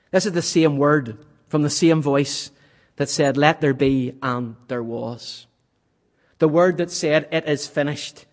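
A man delivers a sermon from the pulpit in a fairly high voice. He builds to loud, vivid passages and then sinks to hushed, near-whispered questions. The sound carries a long reverb from the church around him. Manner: dramatic swings from loud to hushed. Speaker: preacher.

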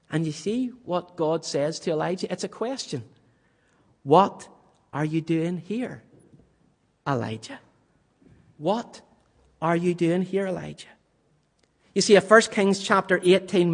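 A man preaching a sermon in a church, swinging from loud, vivid passages to hushed, almost whispered questions. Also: on the high side, long reverb tail.

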